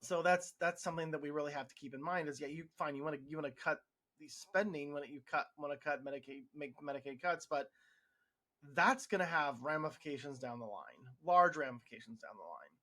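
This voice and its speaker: A man's voice: a little high, brisk, bright, forceful tone. A man who works in healthcare, giving a frustrated, sarcastic opinion monologue with frequent restarts. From United States. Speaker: healthcare worker podcast host.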